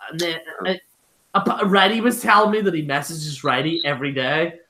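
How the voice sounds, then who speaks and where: A man hosting a casual live chat, telling animated stories and swearing freely. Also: a little high, normal speed, a crowd in the background. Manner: animated storyteller, swears, mimics others. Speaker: host.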